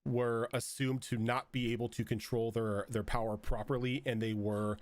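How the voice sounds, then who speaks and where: A man's voice: mid-range voice, level tone, normal speed, dry recording. Rambling man running a tabletop game. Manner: rambling, full of fillers like "um" and "like". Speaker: game master.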